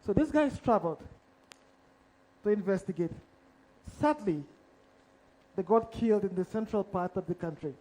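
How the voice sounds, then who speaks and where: Male journalist storyteller, high voice with a dark, mellow tone, dramatic delivery with direct questions to the crowd. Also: expressive, moderate pace, long pauses, low-quality recording. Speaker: investigative journalist. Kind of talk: storytelling talk on stage. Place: live event stage before an audience.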